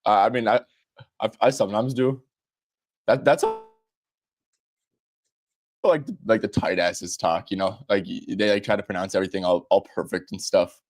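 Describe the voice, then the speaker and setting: A man's voice: on the low side, normal speed, pauses often, no room sound. A young man hosting a sports betting show, joking around loosely with lots of fillers. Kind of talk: casual betting chat.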